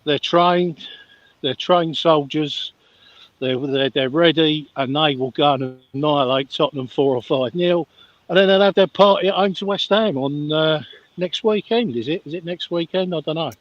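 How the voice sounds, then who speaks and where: A man's voice: a little high, normal speed, no echo. A man calling in to a football fan show, bluntly opinionated and dismissive. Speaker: caller. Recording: dull dry call-in line.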